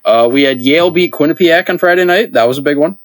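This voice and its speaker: A man's voice: on the high side, quick pace, no room sound. A man co-hosting a podcast in casual chat, chatting through a list of results. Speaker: podcast co-host.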